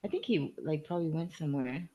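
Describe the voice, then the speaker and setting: A woman's voice: low-pitched, quick pace, muffled recording. A woman from Cape Verde chatting casually as a guest, playful and laughing often. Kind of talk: casual chat.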